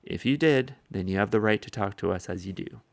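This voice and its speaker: A man's voice: fairly low pitch, a little fast, dry recording, lightly acted. A man doing a proud, defiant old chief. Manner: defiant, questioning. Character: defiant, proud older male tribal chief.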